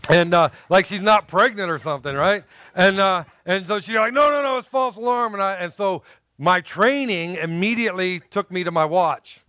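A man's voice: sits high, moderate pace, no room sound, studio quality. A middle-aged man preaching a sermon, telling personal stories with humor and acting out the people in them. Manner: animated storyteller who acts out quotes and jokes with the congregation. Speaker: pastor.

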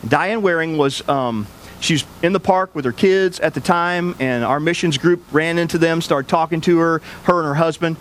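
A man's voice: fairly high pitch, normal speed, slight background noise. A man pastor preaching a sermon, telling a personal story in an earnest, conversational way with frequent restarts.

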